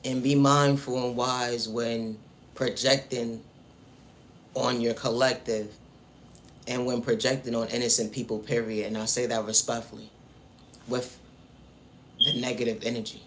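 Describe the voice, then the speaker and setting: Slightly slow, with long pauses, a man's medium-pitched voice sounds level and fairly bright over slight background noise. The spiritual vlogger preaches to the viewer about faith and self-worth, coming back again and again to the same refrains.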